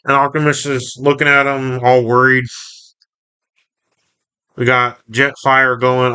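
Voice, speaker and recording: A man's voice: medium pitch, monotone, slow, pauses often, pushed and bright, clear, resonant tone. Rambling man recapping a comic. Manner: rambling, self-correcting recap with filler. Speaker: comic book reviewer. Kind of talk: casual comic read-along and review.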